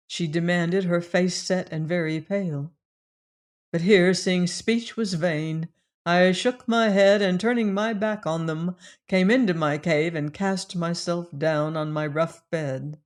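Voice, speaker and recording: A woman reading a classic adventure novel aloud in first person, measured and unhurried. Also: lowish voice, steady tone, darkish tone. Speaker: audiobook reader.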